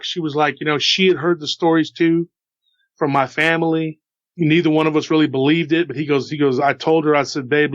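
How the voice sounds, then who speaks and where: Male storyteller, slightly high, loose rambling delivery; muffled lo-fi recording. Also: fairly bright tone, no echo. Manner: rambling, repeats "he goes" and restarts often. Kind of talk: casual retelling of an eyewitness story. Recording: dull lo-fi dry recording.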